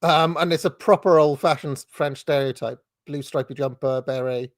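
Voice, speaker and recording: A man's voice: a little high, no room sound. A man co-hosting a casual chat over a video call, mocking adverts and laughing often. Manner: dry, mocking, quick to laugh. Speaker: podcast co-host. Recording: dry close sound.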